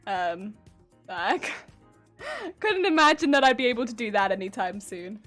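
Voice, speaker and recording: Soft background music plays as a streamer embroiders by machine and talks easily with her viewers, often laughing and mocking her own honking, grating voice. It's pitched on the high side, very animated and fairly bright, at a normal speed.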